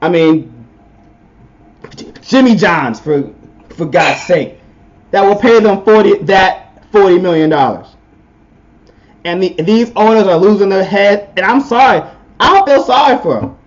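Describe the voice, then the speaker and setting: A man's voice: sits high, animated, a little slow, long pauses, dull audio. A man co-hosting a podcast, giving a blunt, opinionated sports rant in casual talk. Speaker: podcast co-host.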